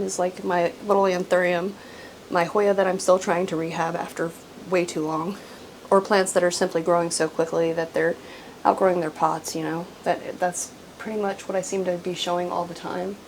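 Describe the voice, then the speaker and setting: A woman hosting a casual houseplant show-and-tell at home, rambling with frequent "um"s and soft laughs, sometimes drifting away from the camera. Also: fairly low pitch, slight background noise, low-quality recording. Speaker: houseplant channel host. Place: at home among houseplants, indoors. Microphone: camera she sometimes walks away from.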